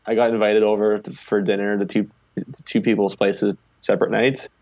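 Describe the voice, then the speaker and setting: A man's voice: lowish voice, little pitch movement, moderate pace, a little mellow. A young man from Canada telling stories as a guest in a casual interview, rambling and full of "like" fillers. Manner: rambling, heavy use of "like" fillers. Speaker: guest, long-distance charity cyclist. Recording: slightly muffled recording.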